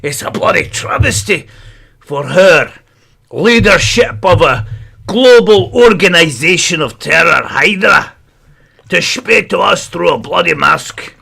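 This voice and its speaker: A man's voice: high-pitched, animated, unhurried, vocal fry, pushed and bright, slightly rough. A man hosting a livestream in a put-on Scottish accent, ranting theatrically in an old-fashioned preaching way and reading out chat comments. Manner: reads chat comments aloud. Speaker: livestream host.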